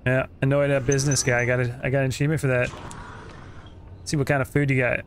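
A man giving casual, joking let's-play commentary at an average pitch. Clear game audio runs behind his voice the whole time. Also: flat delivery, fast talker, long pauses, noisy background. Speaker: gaming channel host.

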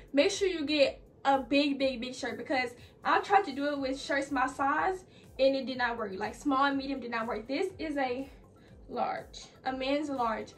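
A young woman fashion vlogger with a high, somewhat bright voice chats through a clothing DIY tutorial, slightly out of breath and full of "like" and "y'all." She's a young adult, recorded away from the mic with faint music in the background.

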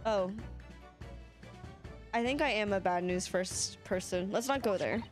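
A woman's voice: mid-range voice, a little slow, long pauses. A young woman streamer chatting casually through a let's-play, swearing and laughing often. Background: faint game music.

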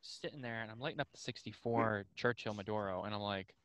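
A man hosting a podcast in casual chat, animated and rambling with many restarts. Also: lowish voice, brisk, no room sound. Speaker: podcast host.

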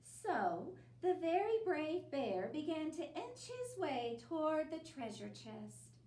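A woman's voice: high-pitched, very animated, slow, darkish tone, roomy sound, slight background noise, voice pushed up, exaggerated voice. A woman voicing a kind librarian who reads aloud and invites others in. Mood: inviting.

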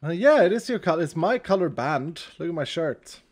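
A man's voice: a little high, sing-song, fairly quick. Swedish guy hosting a game chat, bouncy voice going up and down, laughs a lot, teasing. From Sweden. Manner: laughs often, playful and teasing. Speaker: streamer and host. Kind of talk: casual chat while playing a game.

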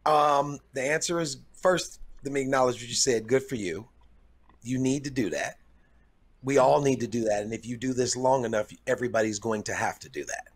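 A man's voice: medium pitch, a little fast. A middle-aged man, a comedian guesting on a podcast, telling stories thoughtfully and repeating words as he gathers his thoughts. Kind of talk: casual chat, storytelling.

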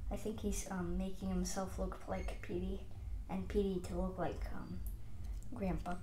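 A woman reading a children's comic book aloud, doing the sound effects and pausing with frequent ums. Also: fairly low pitch, little pitch movement, mellow. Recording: echoey room with faint background noise.

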